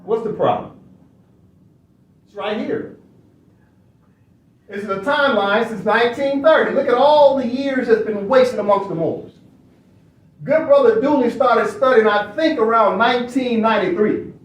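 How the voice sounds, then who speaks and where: High-pitched man lecturing from across an echoey room. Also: normal speed, long pauses. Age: adult. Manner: preachy, repetitive, rhetorical questions. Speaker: online study session host. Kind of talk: casual commentary lecture. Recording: echoey room, far from mic.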